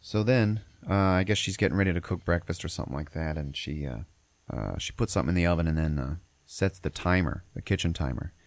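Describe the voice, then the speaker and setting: A man's voice: low-pitched, fast talker, no room sound. A man hosting a podcast, recapping a movie in a rambling, profane, casual way. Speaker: podcast host.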